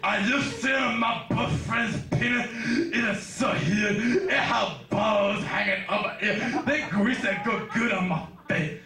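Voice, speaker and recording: A man voicing a young woman at the mall who gossips in a shrill, loud, gushing voice. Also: takes it slowly, few pauses, soft background music, full character voice. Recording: roomy club sound from far off, audience.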